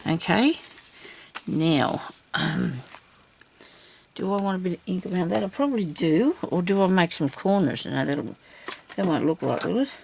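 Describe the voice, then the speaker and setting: An older woman hosting a journal video sits at a table at home, busy cutting and inking as she chats to herself and laughs often. Her fairly low voice has lively intonation, vocal fry, and a slightly mellow quality at normal speed, with slight background noise.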